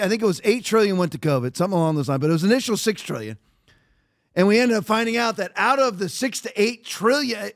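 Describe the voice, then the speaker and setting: High-voiced fired-up podcast host. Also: male voice, no room sound, studio quality. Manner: fired-up, repeats figures, frequent restarts. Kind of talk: casual podcast monologue.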